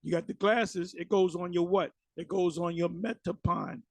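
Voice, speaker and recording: A man giving ranting religious commentary on clips, animated and mocking, with many fillers. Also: high-pitched, moderate pace, no echo, rough recording.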